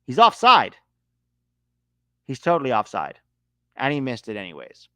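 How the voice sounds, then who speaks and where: A man hosting a live match watch-along, calling the play with excitable outbursts. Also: medium pitch, a little fast, no echo. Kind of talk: live match reaction commentary.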